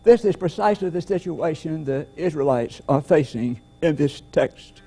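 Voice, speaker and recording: Give me a male pastor preaching emphatically in a mellow, fairly high voice. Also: lively intonation, breathy edge. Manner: deliberate, emphatic preaching with repetitions. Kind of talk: sermon.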